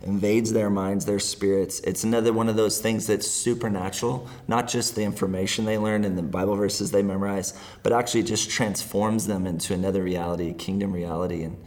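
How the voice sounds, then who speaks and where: A man's voice: fairly low pitch, fairly even intonation, a little fast, few pauses, darkish tone. A middle-aged man speaking as a guest in a casual interview, earnest and rambling, often laughing as he talks.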